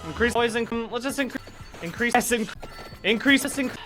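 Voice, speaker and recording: A man heard in a rapid supercut of clipped single words, with a jumpy, animated delivery that swings between loud and soft. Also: extremely high pitch. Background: background music.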